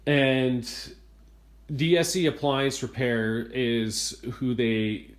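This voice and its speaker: A man filming at home, retelling a bad repair visit in an exasperated, hurried rant. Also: mid-range voice. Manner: exasperated, retelling events in a rush. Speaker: homeowner reviewing appliances. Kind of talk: ranting home video complaint. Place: inside a home kitchen.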